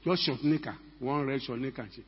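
Brisk and mid-range with a breathy edge, an older man delivers a sermon as pastor, pressing the congregation with rhetorical questions. The sound is dull and lo-fi, with the echo of a large hall.

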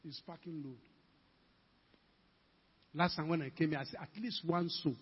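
A man's voice: on the high side, normal speed, husky. An older man preaching a fervent sermon as pastor, acting out quoted conversations as he exhorts the congregation. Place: church hall. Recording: dull lo-fi church recording with long reverb.

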